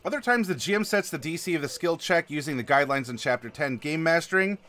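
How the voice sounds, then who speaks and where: A man with a somewhat high voice reads rules aloud and comments as he goes. He rambles, fills pauses with ums, and leans sarcastic. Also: animated, bright, forceful tone. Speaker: host reviewing a game rulebook. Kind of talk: casual read-along review.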